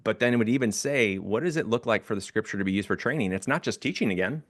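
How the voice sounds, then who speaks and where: Lively storytelling man, dry studio sound. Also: on the low side, fast talker, dry recording. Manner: animated storyteller, acts out quoted voices. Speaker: ministry leader and podcast co-host. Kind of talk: casual conversation.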